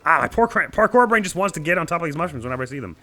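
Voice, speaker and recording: A young man with a slightly croaky morning voice, chatting and laughing at himself while playing a video game. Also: a little high, big pitch swings, racing, sharp tone, a little hiss or hum. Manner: chatty, giggly, self-deprecating. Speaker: let's play host. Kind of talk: casual game commentary.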